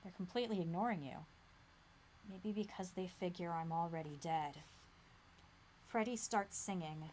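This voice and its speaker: A woman acting as game master, reading a gamebook aloud with dramatic suspense that drops to a hush. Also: fairly low pitch, normal speed, pauses often, a little hiss or hum.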